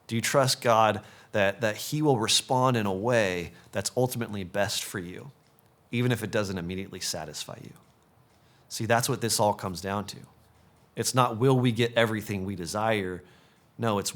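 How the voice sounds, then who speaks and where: A man preaching a sermon as pastor, earnest, stacking short punchy phrases and dropping to a soft, low voice on key points.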